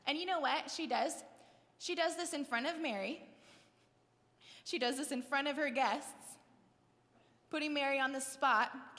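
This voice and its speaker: A woman preacher giving a sermon. She is animated and conversational, acting out little scenes and asking her listeners questions. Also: sits high, normal speed, long pauses, in a large hall. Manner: animated, acts out scenes in voices; conversational, asks the audience questions.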